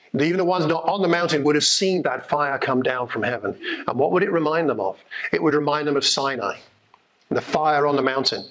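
A man delivering a sermon with the easy feel of a story told to friends. He keeps it animated and lively, dropping in casual asides. His voice sits a little on the higher side. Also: rough recording. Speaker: preacher.

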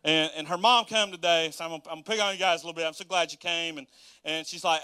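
A man preaches with lively, joking energy, drawing his listeners in with questions. His voice sits high and sounds bright and ringing. The recording is dry, with no room echo. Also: fast, smooth. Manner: animated, joking storyteller who addresses the congregation. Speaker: pastor. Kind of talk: sermon.

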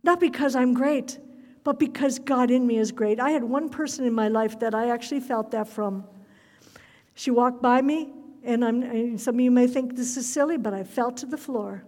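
A woman preaching a fervent sermon, her voice rising to loud cries at its peaks. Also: fairly high pitch, normal speed, big-room sound.

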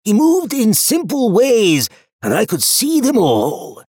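A huge gladiator woodsman, boastful and calmly mocking, speaking in stiff, formal sentences, as a man puts him on. The voice sits well above the narrator's own, with a lilting, lively swing, and the recording is close and dry. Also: sits high, takes it slowly, husky, dry recording, voice pushed up, exaggerated voice. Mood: taunting. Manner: calm, mocking, formal speech.

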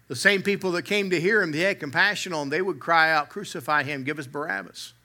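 A man's voice: fairly high pitch, a little fast, pushed and bright. A man preaching a sermon from the pulpit, mixing humor with earnest emphasis that swells and drops. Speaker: pastor.

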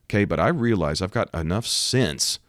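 An American man, a preacher, talking emphatically about faith and current events and rising to loud, animated outbursts. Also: low voice, normal speed, no echo, studio quality. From United States. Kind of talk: preaching commentary to camera.

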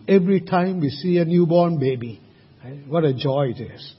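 High husky-voiced preacher in a reverberant hall. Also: male voice, moderate pace. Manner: emphatic, asks the congregation rhetorical questions. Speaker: pastor. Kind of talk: sermon. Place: church service. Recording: reverberant hall, muffled sound.

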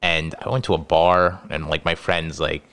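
A man in his twenties tells stories in relaxed conversation. His voice sits very low, and he rambles through his points with plenty of filler words. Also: normal speed. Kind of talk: casual storytelling.

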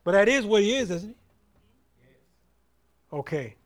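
A man's voice: sits high, lively intonation, unhurried. A man. He preaches in waves, stressing key words and drawing answers back from the group. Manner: preacherly, rising and falling emphasis, call-and-response; repeats and restarts words. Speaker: bible study teacher. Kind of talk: bible study teaching.

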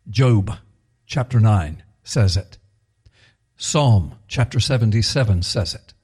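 A man preaching a sermon in a conversational, emphatic way, repeating key phrases for effect. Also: on the high side.

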